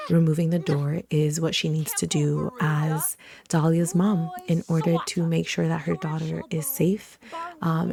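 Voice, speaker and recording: Woman gaming creator with a low, gravelly, dark voice, chatting her way through a life-sim playthrough. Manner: chatty, with lots of fillers. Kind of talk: casual life-sim let's-play commentary.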